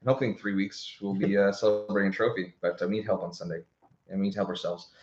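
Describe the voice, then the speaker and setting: Casual male podcast host, lowish voice, animated and profane storyteller; roomy, dull recording. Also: very fast. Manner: animated storytelling with frequent restarts and swearing. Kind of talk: casual chat.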